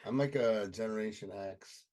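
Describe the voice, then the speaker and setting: A man from Chicago co-hosting a comedy podcast, ribbing his friend in deadpan casual banter. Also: lowish voice, moderate pace, no echo, clean studio sound. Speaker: podcast co-host.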